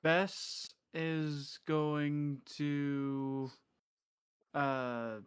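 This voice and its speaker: A tabletop player talks very slowly, pausing often to think. The voice is smooth and clear, with no roughness at all. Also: mid-range voice, little pitch movement. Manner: halting, thinks aloud with many fillers. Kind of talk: casual tabletop play.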